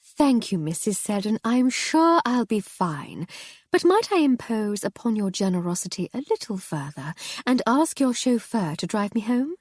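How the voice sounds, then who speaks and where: A woman's voice: fairly high pitch, very animated, moderate pace, a little mellow, no room sound, studio quality, pitched above the performer's own voice. A woman voicing a poised, witty aristocratic lady who speaks graciously and with composure. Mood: composed.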